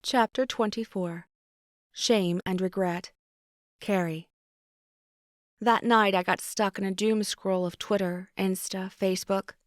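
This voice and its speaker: A woman's voice: mid-range voice, steady tone, slow, pauses often, no room sound, clean studio sound. A woman narrating a first-person romance audiobook in an intimate way, sometimes dropping to a whisper.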